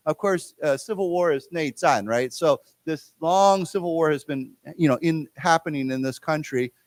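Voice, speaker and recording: In a lecture room, an American man teaches English to Chinese speakers, his voice slightly high for a man and recorded close and dry. He goes through each word slowly and patiently, repeating it and drilling the class to say it back.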